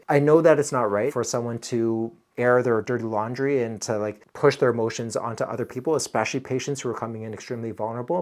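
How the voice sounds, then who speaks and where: Er doctor guy in his 30s, earnest, chatty, explaining stuff plainly. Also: mid-range voice. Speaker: emergency physician. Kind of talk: casual reaction commentary.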